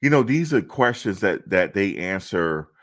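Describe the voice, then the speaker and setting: A man from New Jersey telling a travel story to camera in a casual, animated, slangy way, repeating himself for emphasis. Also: low-pitched, moderate pace.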